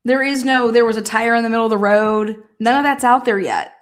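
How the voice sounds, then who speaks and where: A woman hosting live trial commentary, talking in an animated, profane way and laughing often. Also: fairly high pitch, fairly quick.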